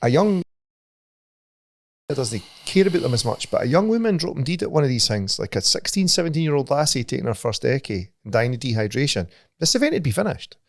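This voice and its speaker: A man's voice: medium pitch, sing-song, brisk, no echo. A Scottish man co-hosting a podcast, talking bluntly and swearing. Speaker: podcast co-host. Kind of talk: casual chat.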